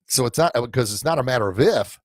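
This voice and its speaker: A man's voice: medium pitch, expressive, fast, dry recording. A middle-aged man hosting a live podcast stream, talking loosely to listeners with many fillers, restarts and heartfelt asides. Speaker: podcast host and coach. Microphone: camera mic in front of him.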